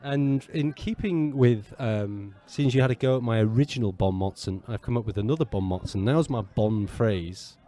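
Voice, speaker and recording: A man with a mellow, rounded voice chats casually outdoors at a football ground. He plays the patient teacher, spelling out Italian words slowly. He keeps a teasing, easygoing tone while he comments on the game. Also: medium pitch. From England. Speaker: podcast co-host. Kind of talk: casual match commentary and banter.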